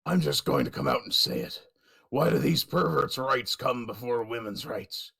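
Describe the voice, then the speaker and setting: A man putting on the voice of a gruff, brooding caped vigilante, gravelly and rasping, reading a comment aloud. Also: medium pitch, huge pitch swings, full character voice. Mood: indignant. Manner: loud, slow growl reading a comment.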